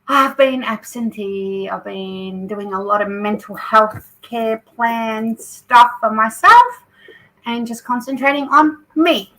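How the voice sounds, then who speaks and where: A woman's voice: on the high side, slow, pushed and bright, low-quality recording. A woman with an Australian accent hosting a live craft stream, chatting and reading out viewer comments. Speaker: craft channel host.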